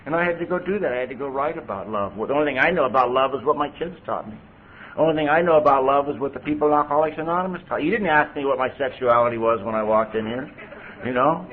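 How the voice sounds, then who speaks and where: Speaking quickly in a mid-range voice, a middle-aged Californian tells his recovery story as an AA speaker at a convention hall podium. His manner is open and conversational, peppered with "you know." The recording is tinny lo-fi tape with slight background noise.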